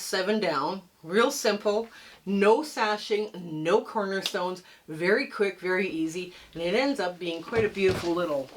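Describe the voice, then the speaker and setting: A woman's voice: mid-range voice, a little hiss or hum, low-quality recording. Chatty middle-aged woman quilting vlogger. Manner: chatty, rambling, friendly sign-off. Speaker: quilting channel host. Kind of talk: casual show-and-tell vlog. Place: home sewing room.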